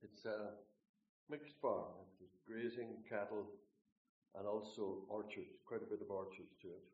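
A Northern Irish man preaches to a hall in a folksy, joking way, leaning hard on the scripture he reads. His voice sits fairly low and comes from well off the microphone, with a roomy, dull sound. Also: steady tone, measured pace, far from the mic. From Northern Ireland. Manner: folksy and joking, emphatic when reading scripture. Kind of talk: sermon. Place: meeting hall, speaking away from the mic.

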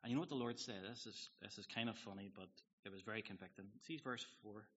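A man's voice: lowish voice, fast, fairly bright tone, breathy edge, muffled recording. A man preaching a sermon as a pastor, earnest and confessional, often putting questions to the congregation.

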